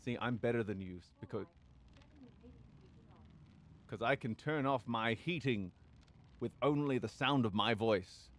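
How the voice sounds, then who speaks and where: A man's voice: medium pitch, unhurried, long pauses, slight background noise. A man talking casually on a live stream, rambling and joking crudely, with many fillers and restarts.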